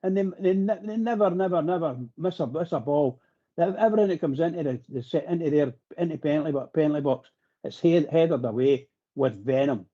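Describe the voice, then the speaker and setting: Guy ranting on a phone-in, dark mellow voice, a bit muffled, keeps repeating himself. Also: fairly high pitch, fairly quick. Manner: passionate, rambling, repeats himself. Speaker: phone-in pundit. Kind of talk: live radio phone-in chat.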